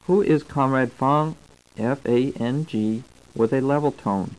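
A man reading a scripted language course, slowly spelling out words and their tones. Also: medium pitch, darkish tone, rough recording. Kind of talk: scripted instructional narration. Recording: old tape recording.

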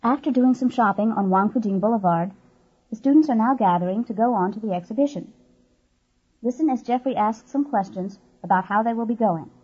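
A woman reads instructional narration in a measured, explanatory way. Her voice is quite husky and mellow, a little higher than most. It sits on a dull, lo-fi course tape.

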